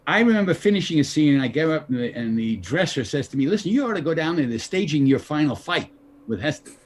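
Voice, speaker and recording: Older man spinning a lively anecdote. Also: a little high, fast talker, a little hiss or hum. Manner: animated, acts out quoted dialogue. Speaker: guest actor. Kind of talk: anecdotal storytelling.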